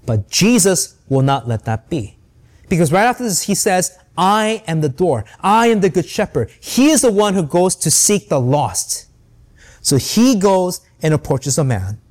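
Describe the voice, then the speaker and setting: A man's voice: high voice, sing-song, measured pace, darkish tone. A man teaching a Bible passage verse by verse, reading scripture aloud and often checking in with "right?". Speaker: preacher.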